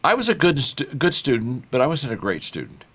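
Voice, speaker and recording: An older man, an author appearing as an interview guest, talks in a folksy, enthusiastic style. He often repeats himself as he builds his point, at a mid-range pitch. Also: wildly swooping pitch, brisk, a bit bright, breathy edge. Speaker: guest author and leadership speaker. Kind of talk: interview conversation.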